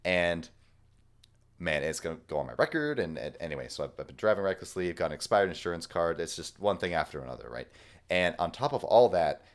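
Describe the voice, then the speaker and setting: Young male podcast co-host, low voice, lively storyteller who acts out the lines. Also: a little fast. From Washington state, US. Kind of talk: casual storytelling.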